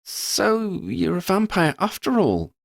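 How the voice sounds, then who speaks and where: A man doing a bright, curious young witch. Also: sits high, big pitch swings, vocal fry, no echo, clean studio sound, pitched above the performer's own voice, exaggerated voice. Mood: teasing. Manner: eager, quick questions. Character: young witch student girl, brave and curious.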